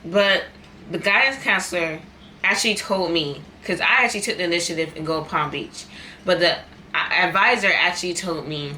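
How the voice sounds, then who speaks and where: A woman's voice: fairly low pitch, normal speed, sharp tone, slight background noise. A young woman in a casual eating vlog, talking candidly and repeating herself for emphasis. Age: young adult. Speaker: vlogger. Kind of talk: casual chat while eating.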